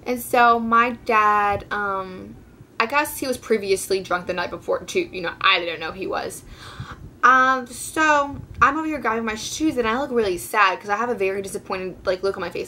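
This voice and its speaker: A teenage girl vlogger tells her viewers a casual storytime, rambling and filling it with fillers while quoting people in lively voices. Her voice is mid-range, her pace moderate, and there's a little hiss or hum in the background.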